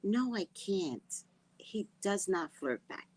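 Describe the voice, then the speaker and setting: A woman host chatting casually with viewers, giggly and drifting between soft murmurs and loud outbursts. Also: mid-range voice, big pitch swings, slow, rough recording. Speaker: livestream host.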